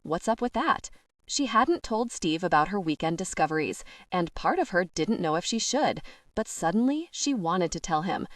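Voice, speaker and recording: Low-voiced woman narrating an audiobook. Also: sing-song, normal speed, dry recording, recorded from a distance. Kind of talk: scripted narration.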